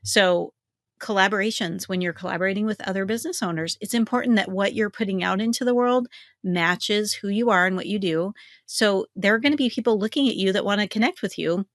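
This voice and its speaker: A woman co-hosting a casual business webinar, telling animated stories and acting out quotes in a higher voice. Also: a little fast, no room sound, clean studio sound. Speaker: webinar co-host, business coach and podcaster.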